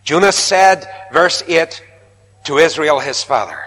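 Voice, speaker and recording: A man preaches a sermon, his bright, forceful voice climbing into emphatic outbursts. The sound carries a long reverb, as if heard across a large church hall. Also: a little high, takes it slowly. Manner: emphatic, rising to loud repeated protests.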